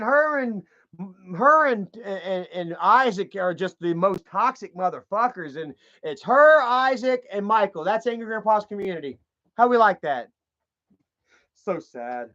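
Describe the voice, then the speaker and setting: High-voiced man ranting, lo-fi sound. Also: pushed and bright. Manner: profane, heated, talks straight at the viewer. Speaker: commentary vlogger. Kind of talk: ranting commentary while browsing online. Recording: dull lo-fi sound.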